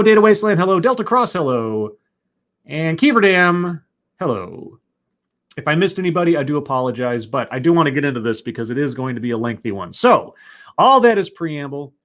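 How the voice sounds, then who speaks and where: Livestream host, man, higher voice with a lively up-and-down delivery, rambling casual commentary. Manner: rambling, greets chat members by name.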